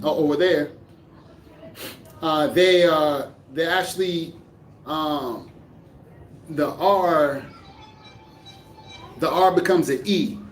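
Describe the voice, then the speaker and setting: Rambling man, fairly high voice. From United States. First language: English. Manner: rambling, many fillers and restarts. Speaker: vlogger. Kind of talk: casual reflective talk to camera.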